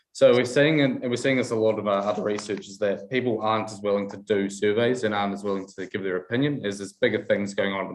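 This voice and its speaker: A man with a New Zealand accent, a researcher answering a councillor's question in an agreeable, explanatory way. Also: fairly low pitch. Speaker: research presenter.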